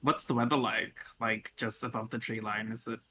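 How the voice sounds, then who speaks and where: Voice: mid-range voice, flat delivery, moderate pace, pushed and bright, a little hiss or hum. A player in a tabletop game, casual, thoughtful, asking lots of questions about the world.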